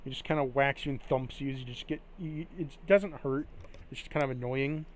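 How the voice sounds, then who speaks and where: A man acting as game master for a tabletop game, narrating and shouting as the townsfolk. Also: mid-range voice, fairly quick, slight background noise. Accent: put-on Scottish. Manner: loud and animated when voicing townsfolk.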